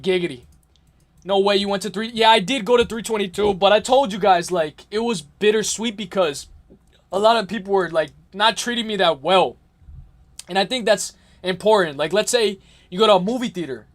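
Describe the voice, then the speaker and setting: Young guy from around new york rambling on his stream, kinda high voice, laughing at chat. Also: moderate pace. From New York area. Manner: rambling, laughs a lot, reads and answers chat. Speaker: livestream host. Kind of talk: casual late-night livestream chat.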